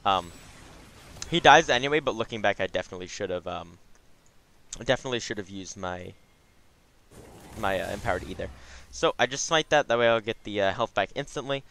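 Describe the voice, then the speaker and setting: A man's voice: lowish voice, lively intonation, brisk, creaky, pauses often, fairly bright tone. A young man giving casual, chatty commentary over his own gameplay, with frequent asides.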